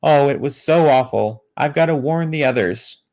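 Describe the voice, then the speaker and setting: A man's voice: mid-range voice, normal speed, lightly acted. Man reading as a panicked fleeing man. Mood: distraught. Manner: flat read-aloud, no put-on accent.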